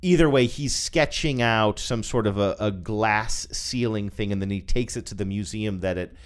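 A man co-hosting a podcast in an easygoing chat, his voice sitting on the lower side. He thinks aloud, with fillers and restarts as he goes. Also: normal speed. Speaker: podcast co-host. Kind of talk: casual chat.

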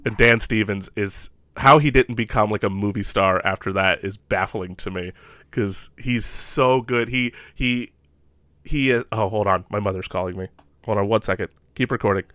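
A man's voice: fairly low pitch, normal speed, sharp tone, dry recording. A man co-hosting a casual podcast from home, rambling with enthusiasm and lots of fillers. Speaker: podcast co-host. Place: home room.

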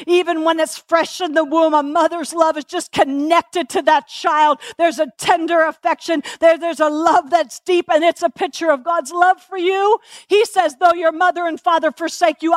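A woman's voice: high voice, no room sound, studio quality. A woman preacher delivering a passionate sermon, repeating phrases and asking the congregation questions.

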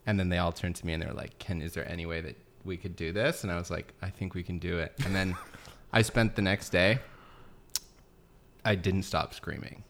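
Low gravelly man, rambling chat. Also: fairly even intonation, a little fast, fairly bright tone, slight background noise. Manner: rambling anecdotes full of "like". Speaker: podcast co-host, filmmaker. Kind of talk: casual chat.

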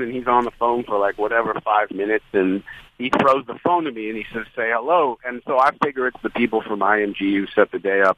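A man, a guest, telling a story in an excited, rambling way with many restarts. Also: medium pitch, no echo, muffled recording. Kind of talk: casual storytelling chat.

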